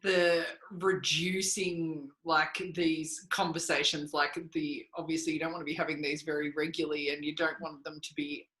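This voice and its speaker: Bright-voiced woman host in an echoey room. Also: low-pitched, little pitch movement, moderate pace, few pauses. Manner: chatty, rambling, many "like" fillers. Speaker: webinar host. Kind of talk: remote interview questions.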